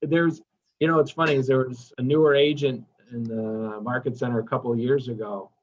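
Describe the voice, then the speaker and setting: A man's voice: mid-range voice, steady tone, a little fast. A man giving a casual training lecture, enthusiastic and chatty, asking the class questions as he goes. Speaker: workshop instructor. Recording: dull lo-fi recording.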